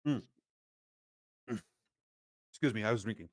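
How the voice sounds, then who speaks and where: A man from Brazil with a Brazilian accent, a native Portuguese speaker, talking as a guest political analyst in a casual podcast interview, animated and quick to laugh, often restarting his sentences. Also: lowish voice, no room sound, clean studio sound.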